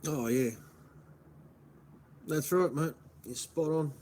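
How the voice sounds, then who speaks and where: A man's voice: a little high, slow pace, a little mellow, slight background noise. Rambling Australian man livestreaming. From Melbourne, Australia. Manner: rambling, answers chat, says "mate" a lot. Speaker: live streamer. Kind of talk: casual livestream chat.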